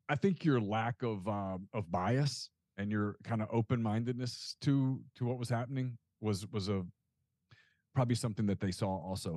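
A man hosting a sports podcast, talking in a relaxed, easygoing way with plenty of fillers. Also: on the low side, no room sound, studio quality. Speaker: podcast host. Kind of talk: casual interview chat.

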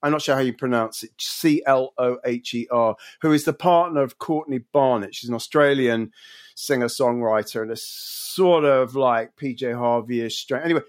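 A man's voice: mid-range voice, moderate pace. A man hosting a podcast, chatting casually and laughing often. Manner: amused, rambling, laughs often. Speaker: podcast host.

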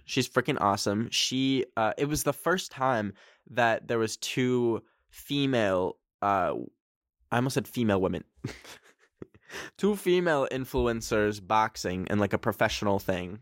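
A man's voice: on the low side, lively intonation, a little slow, dry recording, clean studio sound. A young man hosting a casual solo podcast, goofy and rambling with lots of fillers and laughs. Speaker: podcast host.

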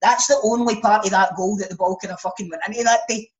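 Podcast host asking questions. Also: male voice, high-pitched, fast, low-quality recording. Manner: relaxed questioning, swears casually. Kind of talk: casual chat.

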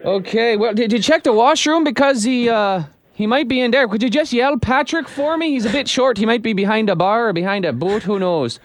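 A man's voice: very high-pitched, fairly quick, hardly any pauses, pitched above the performer's own voice. A man putting on an Irish accent as a rambling prank caller looking for his wayward brother. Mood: bold. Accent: put-on Irish. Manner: brash, rambling, hamming it up. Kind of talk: prank phone call.

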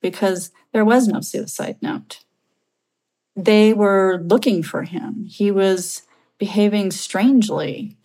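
A woman's voice: mid-range voice, takes it slowly, dark tone, low-quality recording. A woman in her late thirties telling a personal story as a podcast guest, earnest and rambling, with many fillers and restarts.

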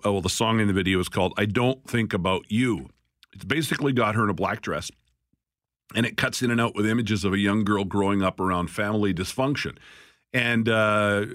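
Talk radio host, dry studio sound. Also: male voice, on the low side, fairly bright tone, dry recording. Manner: conversational, with frequent fillers. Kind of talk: casual talk radio hosting.

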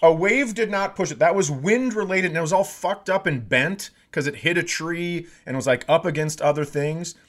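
A man in his fifties telling a comic story as a podcast co-host, animated, swearing and bursting into shouts. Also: a little high, moderate pace, hardly any pauses. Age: 50s. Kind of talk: comedic storytelling.

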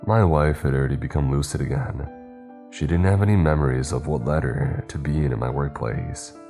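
A man narrating a scripted horror story in the first person, in a steady, even storytelling way. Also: a bass voice, moderate pace, soft background music.

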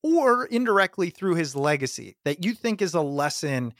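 A man hosting an interview, asking thoughtful, curious questions with pauses. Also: on the high side, big pitch swings, dry recording, clean studio sound. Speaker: interview host.

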